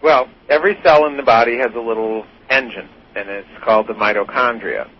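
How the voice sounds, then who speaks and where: A man's voice: mid-range voice, a little fast, muffled recording. A man speaking as an expert guest on a talk show, explaining science patiently with simple analogies. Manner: patient explainer, uses analogies, some fillers. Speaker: guest expert, physician researcher. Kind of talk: explanatory interview answers.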